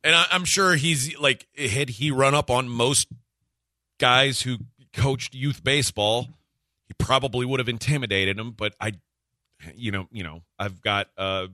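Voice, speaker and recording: A man hosting a sports radio show, telling a story in casual chat, animated and acting out the quotes with frequent laughs. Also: medium pitch, measured pace, dry recording, clean studio sound. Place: radio studio.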